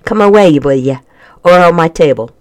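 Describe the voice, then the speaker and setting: A narrator voicing a grumpy little bearded hermit man with a Scottish accent and a gruff, grumbling manner, in a dry recording. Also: medium pitch, lively intonation, normal speed, no echo, lightly acted.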